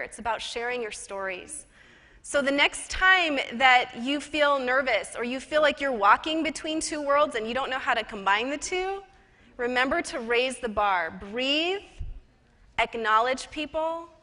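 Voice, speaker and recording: Bright-voiced woman telling a story on stage. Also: a little high. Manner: lively, chatty storytelling with casual fillers. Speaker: conference speaker and professional psychic. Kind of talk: personal storytelling talk. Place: conference stage in a large hall. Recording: reverberant conference hall.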